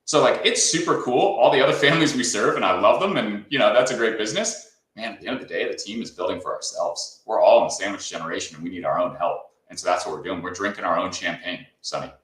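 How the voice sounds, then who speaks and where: A man's voice: on the low side, fast talker, few pauses, fairly bright tone, echoey room, low-quality recording. A man from Southern California, a company founder talking as a guest in a casual interview, telling stories and often adding "right?". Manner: storytelling, often tags lines with "right?".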